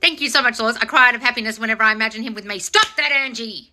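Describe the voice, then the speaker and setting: A woman's voice: a little high, very fast. A woman hosting a live stream as a manifestation coach, answering viewer comments bluntly with lots of swearing and mocking impressions. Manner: blunt and sweary, with frequent mocking put-on voices; animated, teasing, talks straight to viewers.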